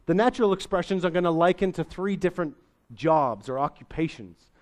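A man's voice: a little high, lively intonation, a little fast, a little mellow. A middle-aged man preaching a sermon as pastor, in a folksy, conversational way with homely sayings.

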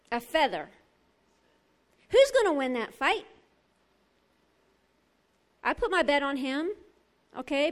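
A woman with a high voice and a drawl preaching a lively sermon. She swings from loud, emphatic bursts down to soft, intimate asides.

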